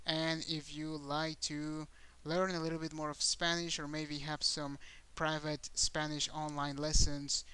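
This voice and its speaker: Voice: mid-range voice, sharp tone, clear, resonant tone, rough recording. A Spanish teacher giving an online lesson, patiently repeating each example word and stressing syllables to show pronunciation.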